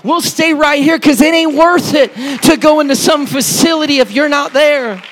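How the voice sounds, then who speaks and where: A man's voice: very high-pitched, normal speed, a little hiss or hum. A male pastor preaching a sermon in a conversational, emphatic way, sometimes raising his voice. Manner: emphatic, conversational, loud at times.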